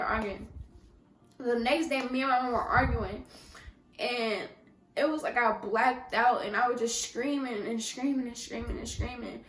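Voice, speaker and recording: A young woman telling a personal story on her vlog, speaking softly and emotionally with halting restarts. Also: a little high, roomy sound, slight background noise, low-quality recording. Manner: soft-spoken, emotional, halting with many restarts. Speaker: vlogger.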